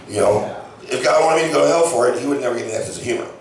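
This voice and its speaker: A man's voice: mid-range voice, rapid-fire, creaky, heavy background noise. A man telling loose, casual stories in a stand-up set at a comedy club. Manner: casual, loose storytelling with many fillers. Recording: very echoey, distant club recording.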